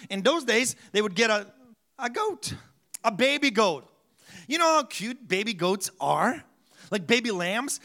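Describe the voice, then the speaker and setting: A man's voice: very high voice, bright, forceful tone. A man preaching a sermon as pastor, in a conversational way that keeps asking the congregation questions.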